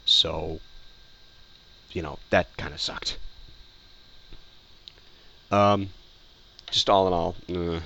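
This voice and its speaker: A man with a low, deep voice talks through his opinions in a loose, rambling way. He circles back to the same phrases and fills the gaps with ums and uhs as he reviews. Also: vocal fry, fairly bright tone, lo-fi sound, slight background noise. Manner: rambling, repeats himself, many fillers and restarts. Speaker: video reviewer.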